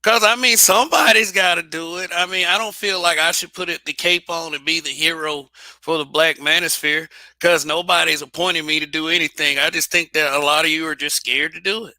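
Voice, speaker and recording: A man holds forth alone in a blunt, casual monologue, swearing freely and tripping over restarts. His voice sits a little high and rings very bright, and the recording is dry and close. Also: fairly even intonation, a little fast, no room sound. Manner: blunt, repetitive restarts, profane. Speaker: channel host.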